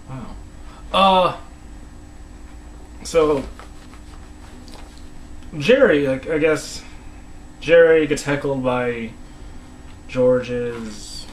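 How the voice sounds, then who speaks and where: A man's voice: mid-range voice, a little hiss or hum, rough recording. A man casually recapping a TV episode, rambling with many restarts and voice dropping to a mumble. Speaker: episode reviewer.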